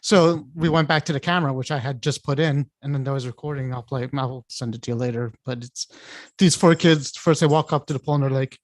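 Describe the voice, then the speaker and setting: A man's voice: medium pitch, steady tone, a little fast, hardly any pauses, no room sound. A male co-host chatting casually and telling long, wandering stories. He often restarts his sentences and breaks into laughs. His voice is dry and close to the mic. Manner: rambling storyteller, restarts and laughs. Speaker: podcast co-host. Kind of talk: casual chat.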